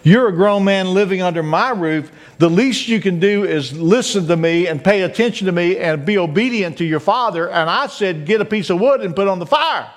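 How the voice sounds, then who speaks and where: A man's voice: high voice, animated, moderate pace, few pauses, voice pushed up. A man preaching who voices a stern widowed father giving firm commands in a story. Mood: stern commanding. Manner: commanding, insistent.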